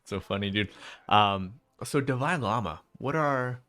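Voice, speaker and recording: A man's voice: medium pitch, measured pace, sharp tone, dry recording. A man casting a game draft on a live stream, casual and chatty, thanking viewers between picks. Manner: chatty, laid-back, reads out chat names. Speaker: esports caster.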